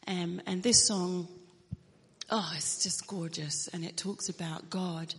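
A woman's voice: fairly low pitch, fairly even intonation, takes it slowly, long reverb tail. A woman singer telling a personal faith story in an earnest way, dropping to a near whisper at the most emotional moments. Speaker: Christian singer.

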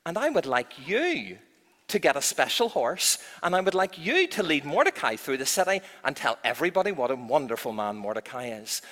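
A man's voice: on the high side, big pitch swings, moderate pace, fairly bright tone, long reverb tail. A man doing a stern angry old king. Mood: commanding. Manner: storytelling to children.

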